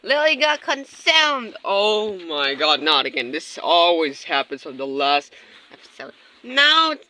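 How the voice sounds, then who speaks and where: A woman's voice: sits low, lively intonation, unhurried, sharp tone. A woman voicing plush toys in a skit, screaming and gasping dramatically. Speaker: plush toy video narrator.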